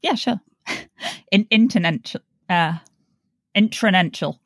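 A woman's voice: medium pitch, slow pace, dry recording, clean studio sound. A woman co-hosting a book podcast, jokey and self-deprecating, laughing often. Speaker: book club podcast co-host. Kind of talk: casual chat.

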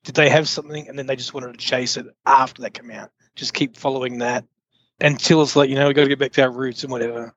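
A man with a husky, breathy voice speaks earnestly and opinionatedly in a casual podcast chat. His sound is dry and dull, as if coming through a lo-fi line. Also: mid-range voice, level tone, fast, fairly bright tone, dry recording. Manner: earnest and opinionated, with frequent fillers.

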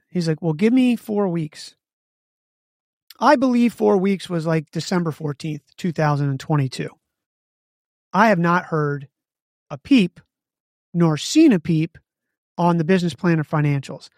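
A man's voice: sits high, moderate pace, long pauses, dry recording, studio quality. A man co-hosting a business podcast, telling stories animatedly and acting out both sides of conversations. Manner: animated storyteller, acts out both sides of dialogue. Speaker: podcast co-host.

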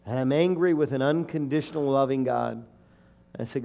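A middle-aged male preacher delivering a heartfelt sermon. His voice is warm and mellow, and his pitch sits mid-range. He speaks with emotional emphasis and builds to fervent declarations. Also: moderate pace, vocal fry. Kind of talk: sermon with personal story.

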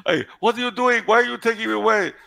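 A man voicing a frightened old woman accused as a witch, in a shrill, panicky falsetto. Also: fast talker, gravelly, pushed and bright, full character voice. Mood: panicked.

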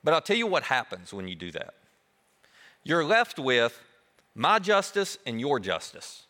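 Animated preacher man in a big echoing hall. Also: medium pitch, a little slow. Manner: animated preaching, dropping soft on key words. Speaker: pastor. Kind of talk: sermon.

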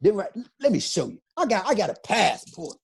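Husky-voiced man, emphatic and insistent. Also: sits high, sing-song, brisk. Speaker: interview guest. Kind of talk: emotional interview testimony.

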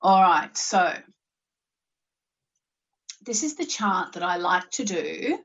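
A woman's voice: on the low side, sing-song, takes it slowly, gravelly. Chatty Australian woman host. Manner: chatty and rambling, with filler words. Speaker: spiritual live-show host. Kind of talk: casual live-stream chat. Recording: muffled lo-fi recording.

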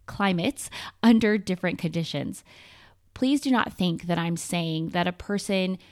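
A woman with a slightly low voice hosts her own podcast and talks straight to listeners. Her delivery is earnest and conversational, and she walks through long lists one item at a time. It comes across as a prepared solo monologue. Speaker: podcast host.

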